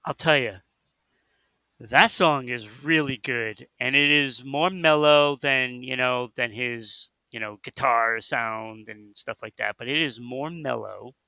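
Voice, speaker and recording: A man co-hosting a casual radio chat about music, rambling and animated, with lots of fillers and restarts. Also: medium pitch, takes it slowly, dry recording. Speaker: co-host.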